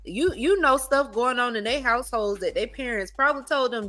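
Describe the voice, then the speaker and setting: Expressive woman with a lively voice. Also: on the high side, a little fast, soft background music. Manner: expressive, indignant questioning. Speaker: podcast co-host. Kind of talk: casual chat.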